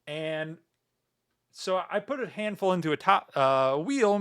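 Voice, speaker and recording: A man's voice: sits high, animated, measured pace, fairly bright tone, clean tone. A man streaming casually, joking and ranting as he chats with viewers and drops "meow" into his sentences. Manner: joking, rambling, tacking "meow" onto sentences. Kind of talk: casual livestream chat.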